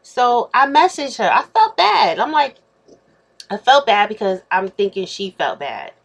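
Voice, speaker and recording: A woman's voice: a little high, very animated, unhurried, creaky. A woman in her thirties speaks on a casual vlog, laying out her side of a dispute. She is blunt and straightforward, and she acts out the quoted exchanges as the story unfolds. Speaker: YouTuber.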